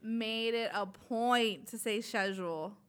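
A woman's voice: mid-range voice, lively intonation, normal speed, fairly bright tone. A young woman co-hosting a casual chat podcast, playful and teasing, laughing often. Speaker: podcast co-host.

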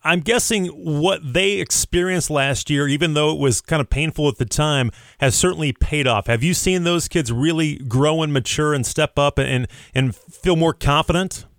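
A man's voice: a little high, normal speed, few pauses, a bit bright, no echo, clean studio sound. A man hosting a radio sports interview, asking questions in a friendly, upbeat way with some fillers.

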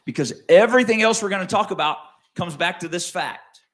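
A man preaching a sermon in a conversational way, slowing down and rising to stress key words, then dropping low for asides. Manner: conversational with wide swings in pitch and loudness, slows to stress key words. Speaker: pastor.

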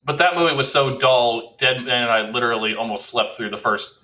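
Bright-voiced man in an echoey room. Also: mid-range voice, fairly quick. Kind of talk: casual chat about films.

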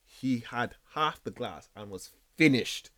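A man's voice: mid-range voice, animated, slow pace, a bit bright. A man in casual chat, laid-back and teasing, with street slang.

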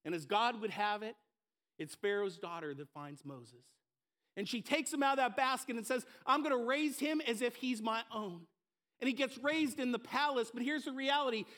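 A man's voice: very high voice, a bit bright. A pastor giving a conversational, earnest sermon, often repeating words as he restarts a thought.

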